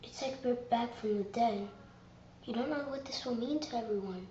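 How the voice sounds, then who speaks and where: A woman's voice: a little high, normal speed, warm tone, echoey room, muffled recording, a little hiss or hum, natural voice. A woman voicing an earnest young lioness in a pleading manner, as a fan voice audition.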